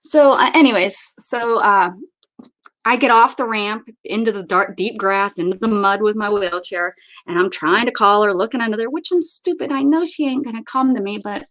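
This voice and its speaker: A woman hosting a casual livestream in a chatty, rambling way. She breaks off her story to greet viewers by name, then picks it up again. She often stumbles over words and starts again, and her voice sits at an ordinary pitch for a woman. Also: normal speed, fairly bright tone. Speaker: livestream host. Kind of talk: casual chat.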